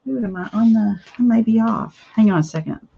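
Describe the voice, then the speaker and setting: A woman's voice: on the high side, brisk, creaky, a little hiss or hum. A woman chatting casually to viewers while she makes a craft project, rambling from one thought to the next. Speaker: craft vlogger. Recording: slightly dull lo-fi audio.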